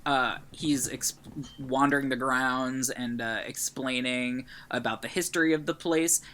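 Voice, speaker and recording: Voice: medium pitch, steady tone, a little slow, pushed and bright. A podcast co-host casually retelling a film's plot with lots of filler words. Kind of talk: casual movie discussion.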